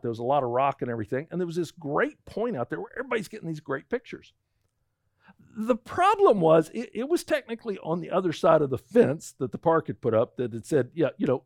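Animated man preaching with a story. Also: high voice, no room sound, studio quality. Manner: animated storytelling, acts out quotes. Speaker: pastor. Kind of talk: sermon with personal story.

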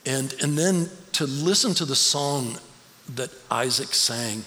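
A middle-aged guest speaker gives a personal sermon in a church sanctuary, conversational and story-driven, at times emotional. His mid-range voice is slow with a sharp tone, and the recording carries church hall reverb and faint ambience.

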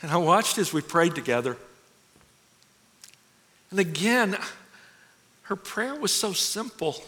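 Man, theatrical storyteller, expressive, self-mocking, long hall reverb. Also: sits high, slow, long pauses. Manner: expressive and animated, with nervous self-mocking laughs. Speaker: stage storyteller. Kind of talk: theatrical stage monologue.

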